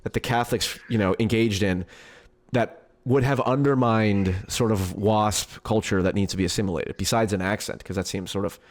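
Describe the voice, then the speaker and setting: A man's voice: on the low side, fairly even intonation, moderate pace. A man moderating a debate, cutting in to steer it with clarifying questions.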